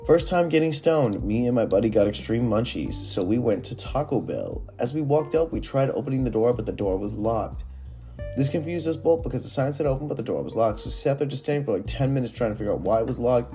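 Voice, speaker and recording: A young man telling stoner stories from Reddit in a rambling, animated way, full of fillers and swearing. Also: mid-range voice, fast, soft background music. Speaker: storyteller reading Reddit posts. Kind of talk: casual storytelling.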